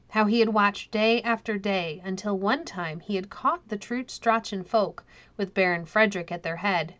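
A woman narrating a classic children's novel in a calm, measured reading. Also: mid-range voice, highs cut off. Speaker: audiobook narrator. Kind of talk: storybook narration.

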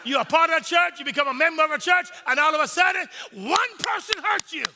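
Pastor guy preaching, really high bright voice, gravelly edge, big echoey sanctuary. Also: very fast, a crowd in the background, noisy background. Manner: animated, call-and-response preaching. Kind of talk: sermon. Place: large church sanctuary. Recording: long reverb in a large sanctuary.

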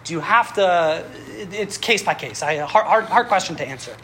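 A woman teaching a class on Jewish history, telling stories in an animated way with frequent chuckles and restarts. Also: lowish voice, normal speed, slight background noise. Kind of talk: classroom lecture with storytelling. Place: classroom with students.

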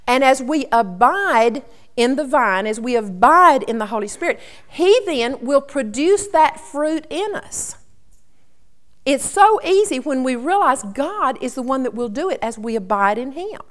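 A woman's voice: fairly high pitch, a bit bright. A woman preaching a sermon in an earnest, storytelling teaching tone.

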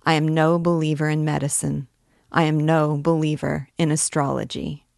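A woman's voice: deep voice, flat delivery, normal speed, gravelly, a little mellow, no room sound, clean studio sound. A woman reading aloud as an aloof scholar-priest who speaks coldly and curtly. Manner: cold, curt.

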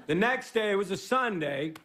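A man's voice: high-pitched, lively intonation, normal speed. A man giving a rambling, self-deprecating stand-up monologue as guest host on a live TV studio stage. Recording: live studio audience with crowd noise. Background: laughing studio audience.

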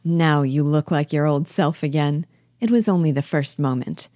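A woman reading the part of a lively, chattering young wife in a play, her lines rising high when excited. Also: normal speed, dry recording, clean studio sound, natural voice. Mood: eager.

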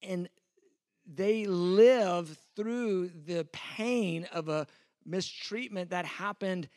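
A man's voice: high voice, extremely slow, a little mellow, no room sound, clean studio sound. A man in his fifties, a pastor, teaching a sermon in a conversational, self-deprecating way, acting out the exchanges he quotes.

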